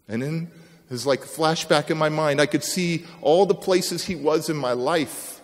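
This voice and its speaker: A man's voice: fairly high pitch, a little slow. A man giving a motivational speech, telling a personal story dramatically and acting out the people in it. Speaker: motivational speaker. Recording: long reverb of a large hall.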